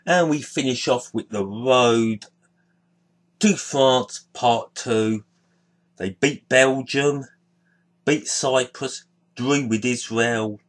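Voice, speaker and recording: Slow, unhurried man presenting his collection. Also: medium pitch. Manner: unhurried, listing names one by one. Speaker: sticker album collector, video host. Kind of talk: casual show-and-tell narration.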